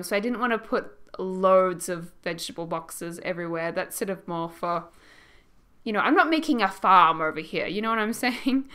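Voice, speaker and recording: Young woman, Australian accent, casual voice-over, rambling, laughing, mid-pitched. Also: a bit bright, clean tone. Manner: chatty and rambling, laughs often. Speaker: gaming YouTuber. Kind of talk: casual build commentary.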